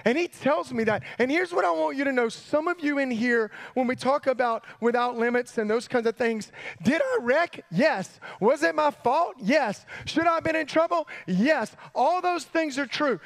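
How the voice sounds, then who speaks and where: A man telling a sermon story to students, animated, jumping between hushed asides and excited yelps. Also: very high voice, moderate pace, vocal fry. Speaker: youth pastor. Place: church hall.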